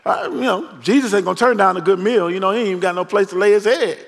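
Gravelly high-voiced joking preacher man. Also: rapid-fire. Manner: joking, slangy, animated retelling. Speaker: pastor. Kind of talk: storytelling sermon. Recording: long reverb of a large hall.

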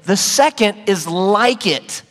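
A man voicing Jesus, reciting the commandments in a slow, weighty, solemn way, in a big reverberant hall. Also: sits high, animated, fairly bright tone, full character voice.

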